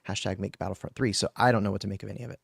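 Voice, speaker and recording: Gravelly-voiced man reading fan news. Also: on the low side, fairly even intonation, very fast, no room sound. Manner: reads from notes with fillers and restarts. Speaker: podcast host reading news. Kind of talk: casual news roundup.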